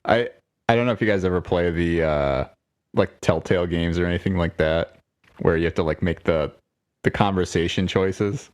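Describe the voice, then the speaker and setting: Deep-voiced man co-hosting a podcast. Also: normal speed. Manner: rambling, laughs often, many restarts. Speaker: podcast co-host. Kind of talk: casual chat.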